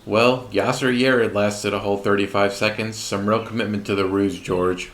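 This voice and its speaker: A man's voice: lowish voice, steady tone, normal speed, a bit bright. A man hosting a commentary series, narrating a script with sarcastic, mocking asides.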